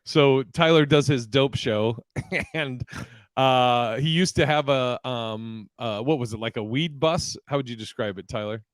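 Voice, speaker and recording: A man's voice: mid-range voice, measured pace, smooth, dry recording. A man hosting a casual comedy podcast, loose and laughing with lots of fillers. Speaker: podcast host. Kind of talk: casual chat.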